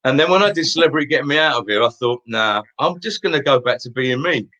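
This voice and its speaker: This Essex-accented interview guest, a stage singer in his 50s, rattles off rambling anecdotes in casual chat. His mid-range voice is expressive, bright, and forceful, and he talks fast.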